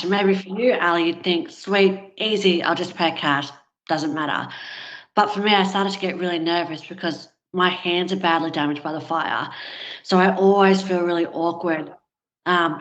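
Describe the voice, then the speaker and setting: A woman with a lowish voice tells a personal story to an interviewer, frank and candid, never polished. The sound is dull and a little lo-fi. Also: fairly even intonation, moderate pace. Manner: candid, frank, with filler words. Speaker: guest.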